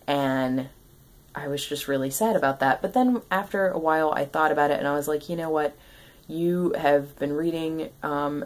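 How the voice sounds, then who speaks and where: A woman's voice: a bass voice, creaky. A woman giving a casual, rambling book wrap-up, full of ums and restarts. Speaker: book vlogger.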